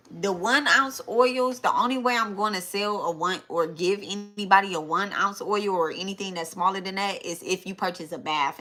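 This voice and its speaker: A woman's voice: medium pitch, bright, forceful tone. A young adult woman hosting a live tarot stream, chatting casually and repeating herself as she talks straight to her viewers.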